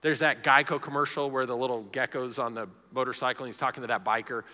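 A man's voice: medium pitch, fairly even intonation, fast talker, bright, forceful tone. A middle-aged man preaching an earnest, conversational sermon at a live evening church service. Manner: earnest, conversational preaching, often opening with "see". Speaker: pastor. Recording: echoey church hall with long reverb.

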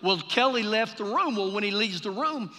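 Impassioned pastor preaching, high bright voice. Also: male voice, animated, moderate pace. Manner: impassioned, storytelling, swells to shouting. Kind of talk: sermon. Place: church sanctuary. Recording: live service in a reverberant hall.

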